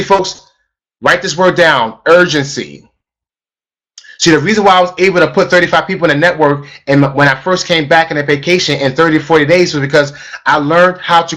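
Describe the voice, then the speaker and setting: Male sales coach, high-pitched, emphatic, repetitive webinar delivery. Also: pushed and bright. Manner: emphatic, repeats key phrases for stress. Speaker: sales trainer. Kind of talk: live online sales webinar.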